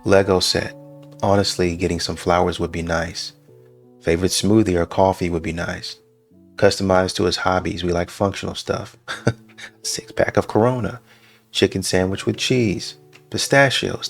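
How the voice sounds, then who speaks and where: A man with a low, gravelly voice gives reaction commentary in a dry, mocking tone. Faint music plays behind him. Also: steady tone, normal speed. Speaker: reaction channel host.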